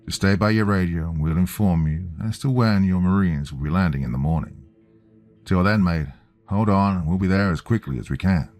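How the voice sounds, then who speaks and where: A breezy, cheerful radio operator with an Australian accent, put on by a male storyteller. His deep voice stays upbeat and easygoing, with faint music behind it. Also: fairly quick, a little mellow, close to an everyday voice.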